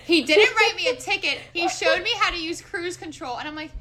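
A young woman in her twenties telling a funny story in casual chat, animated and often laughing. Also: very high-pitched, fairly quick.

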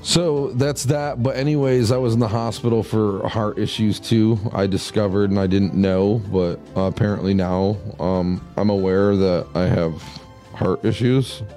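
A man co-hosting a podcast, talking in a laid-back, profane way with drawn-out pauses. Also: lowish voice, steady tone, mellow, faint music behind. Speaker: podcast co-host. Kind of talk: casual chat.

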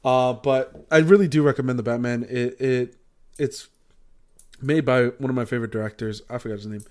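A man's voice: mid-range voice, steady tone, brisk, darkish tone. A man co-hosting a podcast in casual chat, rambling with many fillers and freely swearing. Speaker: podcast co-host.

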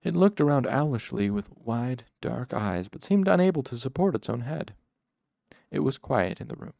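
A man reading a novel aloud as first-person narration, in a measured, even storytelling manner. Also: medium pitch, creaky, no room sound, clean studio sound. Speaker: audiobook narrator.

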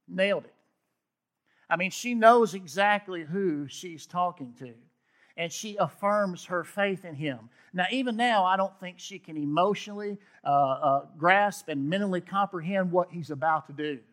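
Pastor preaching with emphatic reading. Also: male voice, a little high. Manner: expressive scripture reading with emphatic asides. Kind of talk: sermon.

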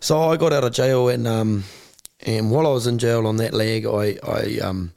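A man's voice: on the low side, steady tone, moderate pace, gravelly, darkish tone, no echo, clean studio sound. A man in his forties with a New Zealand accent, a guest on an interview podcast. He tells his story bluntly, swears freely and restarts his sentences often. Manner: acts out other people's voices in his stories. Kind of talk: candid conversational storytelling.

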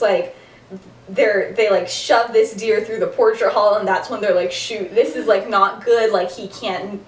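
A young woman casually retelling a story to a co-host, giggly and chatty with lots of "like". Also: on the high side. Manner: giggly, chatty, heavy use of "like". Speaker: podcast co-host. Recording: roomy, distant mic.

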